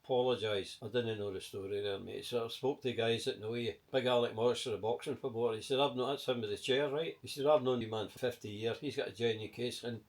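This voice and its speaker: An older Scottish man with a broad Glaswegian accent talks casually and at length, swearing freely and drifting from one story to the next. His voice sits at an ordinary middle pitch, and he is recorded indoors at home. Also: steady tone, quick pace, hardly any pauses. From Scotland. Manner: rambling, profane, chatty with many asides. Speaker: interviewee.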